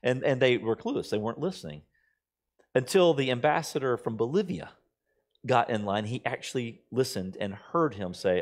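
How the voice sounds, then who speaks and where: A man's voice: medium pitch, animated, moderate pace. A middle-aged man preaching a sermon as pastor, talking conversationally and telling stories, sometimes acting out other people's lines. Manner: conversational storytelling, quoting others in shifting voices.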